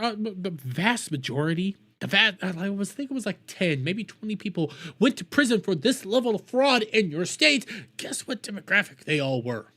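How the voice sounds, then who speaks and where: A man delivers combative reaction commentary, cursing freely as he argues with a clip. His voice sits high and bright, with pitch that leaps around wildly. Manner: combative, ranting, heavy swearing. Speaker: streamer reacting to news clips.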